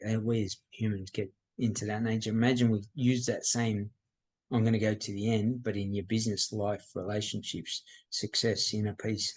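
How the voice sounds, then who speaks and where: A man's voice: fairly low pitch, breathy edge, poor audio. A middle-aged man, telling his life story as a podcast guest in a plain-spoken, reflective way. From Australia. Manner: reflective, plain-spoken, acts out quoted dialogue. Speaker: podcast guest, mindset coach. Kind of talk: candid personal storytelling.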